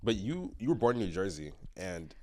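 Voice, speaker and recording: A man hosts a casual podcast interview. His voice sits on the low side, and he speaks in a laid-back, unhurried way, with fillers as he leads into questions. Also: very animated, warm tone, a little hiss or hum. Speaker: podcast host.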